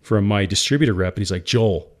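Casting: male founder guest, earnest conversational storyteller, medium pitch. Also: expressive, normal speed. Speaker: company founder and CEO, guest. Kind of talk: candid interview storytelling.

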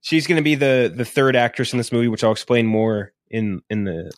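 A man talks in loose, casual chat, often swearing and trailing off with "uh" and "um" as he walks through an idea. His voice sits at a middle pitch and sounds close and dry, with no room around it. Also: brisk, no echo. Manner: rambling, profane, pitches a film plot. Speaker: podcast co-host.

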